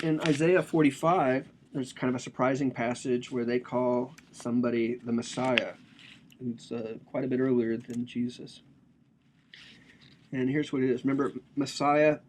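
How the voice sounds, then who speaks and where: A man's voice: medium pitch, fairly even intonation, moderate pace, a little mellow, a little hiss or hum. A man giving a casual, joking lecture on a religious text, explaining it with slang and asides.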